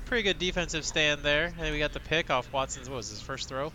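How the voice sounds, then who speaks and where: Deadpan, bright-voiced man joking dryly. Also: a little high, fast, a little hiss or hum. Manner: dry, deadpan jokes. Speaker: podcast co-host, Ohio State fan. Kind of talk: casual sports chat.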